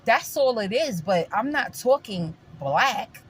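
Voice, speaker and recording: With a little hiss or hum in the recording, a vlogger from New York speaks slowly in a high-ish, animated voice and a New York accent. She addresses her viewers as guys in a casual, opinionated chat, stressing and repeating her points.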